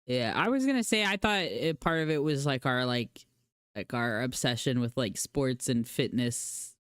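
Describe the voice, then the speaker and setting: A woman co-hosting a podcast, talking in an animated, casual way, swearing freely and filling her speech with "like". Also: very deep voice, normal speed, smooth, dry recording, clean studio sound. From United States. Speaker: podcast co-host. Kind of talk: casual chat.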